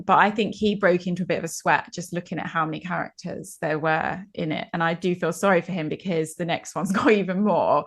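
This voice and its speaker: A woman author, chatting as a guest in an interview, quick and laughing often. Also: medium pitch. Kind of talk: casual interview chat.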